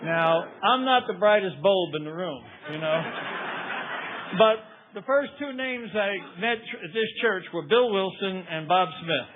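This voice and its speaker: An older man tells his recovery story at a meeting. He keeps a wry, conversational tone, and his voice sits a little high. The recording is thin and tinny, like a phone line. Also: expressive, measured pace, noisy background. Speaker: AA speaker.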